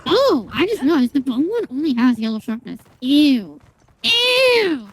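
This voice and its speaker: While gaming on a live stream, a young woman rambles to her viewers, swearing constantly and filling her talk with fillers and restarts. Her high-pitched voice swings widely and moves briskly, creaky and darkish with a breathy edge. The audio is dry and low-quality.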